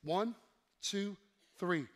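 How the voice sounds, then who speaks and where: A man's voice: high voice, extremely slow. A man preaching a sermon with emphatic, repetitive declarations, leading his congregation in call-and-response and slipping in playful asides.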